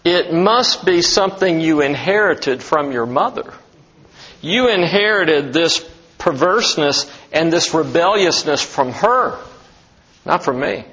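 A man's voice: on the high side, lively intonation, a little slow, a bit bright, highs cut off. A man preaching an expository sermon as a pastor, talking emphatically and asking many rhetorical questions.

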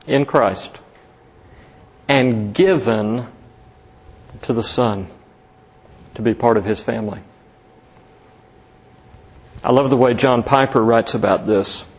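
A man preaching a sermon as pastor, slow and emphatic, lifting his voice on key words. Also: mid-range voice, breathy edge, lo-fi sound.

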